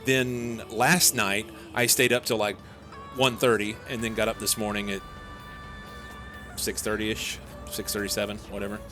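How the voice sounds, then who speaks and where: A man's voice: fairly low pitch, little pitch movement, normal speed. A young man casually talking through a live game stream, rambling and answering chat. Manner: rambling, chatty, reads chat aloud. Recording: background game music.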